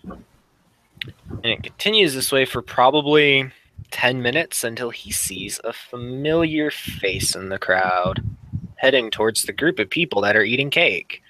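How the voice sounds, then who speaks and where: A man's voice: mid-range voice, lively intonation, measured pace, bright, forceful tone, no echo, low-quality recording. A man narrating as game master of a tabletop role-playing game, rambling with frequent fillers.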